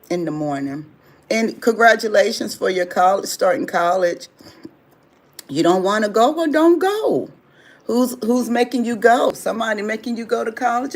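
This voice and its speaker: A livestream host chats casually with viewers. The speech is loose and rambling, full of repeated phrases and everyday advice. The tone stays conversational rather than scripted. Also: mid-range voice. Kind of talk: casual livestream talk answering viewer chat.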